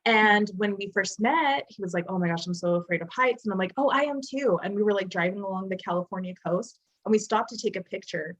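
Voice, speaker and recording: A woman's voice: medium pitch, fast talker, hardly any pauses, a bit bright, lo-fi sound. A young woman co-hosting a podcast in casual chat, talking loosely with lots of fillers. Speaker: podcast co-host.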